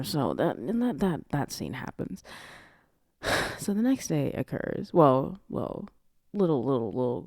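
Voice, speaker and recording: Casting: woman podcast host with a low, dry voice, profane and animated. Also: gravelly, dry recording. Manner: profane, animated, laughs often. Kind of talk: casual movie review chat.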